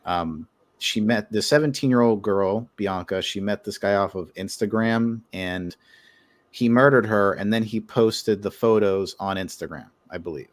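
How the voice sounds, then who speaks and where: A man's voice: on the low side, normal speed, no room sound. A man hosting a livestream, chatting casually and teasing his co-host in a rambling, sarcastic way. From Brooklyn, New York. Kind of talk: casual commentary chat.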